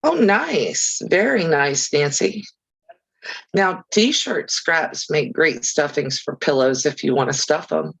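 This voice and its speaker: A woman's voice: deep voice, lively intonation, slow, gravelly, husky, low-quality recording. A woman hosting a casual crafting livestream, chatting easily with viewers and reading out their comments, with chirpy, self-deprecating asides.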